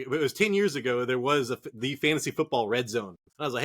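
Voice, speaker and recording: A man's voice: medium pitch, fast, fairly bright tone. Joking, swearing male fantasy football host. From Northern California. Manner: rambling, joking, swears freely. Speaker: podcast co-host. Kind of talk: casual profane sports chat. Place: cold garage.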